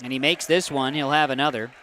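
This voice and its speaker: A man doing live play-by-play of a high school basketball game, with quick calls that jump up on big plays. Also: steady tone, a bit bright, a little hiss or hum. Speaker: play-by-play announcer.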